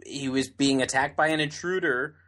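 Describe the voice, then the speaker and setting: A man's voice: medium pitch, moderate pace, sharp tone. A man co-hosting a podcast, chatting casually with dry teasing humor and frequent laughs. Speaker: podcast co-host. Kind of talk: casual chat.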